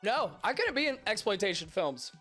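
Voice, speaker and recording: A young podcast streamer speaks in a high, sing-song, bright, and forceful voice at a moderate pace, with faint music in the background. His nose is stuffy from allergies, making him sound nasal, and he chats crudely with his chat, joking, mocking himself, and cursing a lot.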